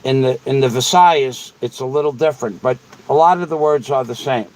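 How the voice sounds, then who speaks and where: A man's voice: mid-range voice, fairly quick, darkish tone, slight background noise, low-quality recording. A man hosting a casual livestream, rambling and repeating himself as he answers viewers. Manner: rambling and repetitive. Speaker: livestream host.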